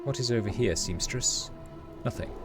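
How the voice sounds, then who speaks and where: A man's voice: medium pitch, moderate pace, loud music behind the voice. A man streaming a role-playing game, reading its text aloud and reacting in a wry, casual way. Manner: wry, reads descriptions then reacts with casual swearing.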